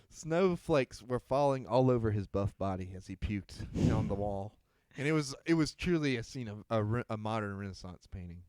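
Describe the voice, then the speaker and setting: A man's voice: on the low side, lively intonation, moderate pace, a little mellow, no echo. Laughing, swearing young man telling a story. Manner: laughs through his own story, swears casually. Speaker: podcast co-host. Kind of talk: casual storytelling chat.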